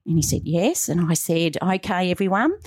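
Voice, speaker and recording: A middle-aged woman, chatting as a radio guest in a dry studio. Her voice sits fairly low and takes on different voices as she tells her story. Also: normal speed, slightly rough, no room sound. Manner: animated storyteller, acting out quotes. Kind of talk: casual interview chat.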